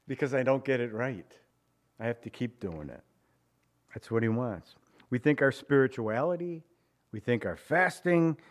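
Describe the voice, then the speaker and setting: A man preaching a sermon, moving between raised, emphatic phrases and quiet, slowed ones, and voicing prayers and quoted speech in his own voice. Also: medium pitch. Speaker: pastor.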